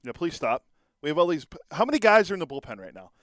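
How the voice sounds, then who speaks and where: Fast-talking sports podcast co-host. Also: male voice, on the high side, sing-song, a bit bright, no echo. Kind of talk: casual sports talk.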